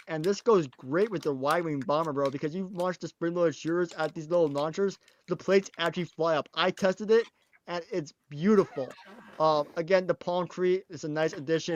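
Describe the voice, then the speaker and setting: A man hosting a casual podcast chat, excitable and tripping over his words with frequent restarts. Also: on the high side, normal speed, muffled recording. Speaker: podcast host.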